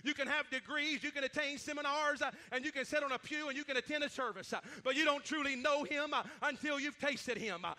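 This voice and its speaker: A male preacher delivering a fervent sermon with many "uh" fillers, rising to shouts at times. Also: very high voice, fast, hardly any pauses.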